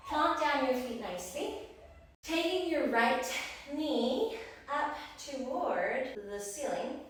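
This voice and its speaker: A woman's voice: fairly high pitch, a bit bright, far from the mic, a little hiss or hum. A woman guiding yoga in an echoey room. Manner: encouraging cues, breath counting. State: a little out of breath. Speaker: yoga instructor. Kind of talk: guided yoga class.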